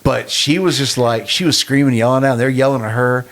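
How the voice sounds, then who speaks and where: Big-voiced man telling a lively story. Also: mid-range voice, brisk. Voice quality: storytelling, animated and chuckling. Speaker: podcast co-host. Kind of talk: casual chat.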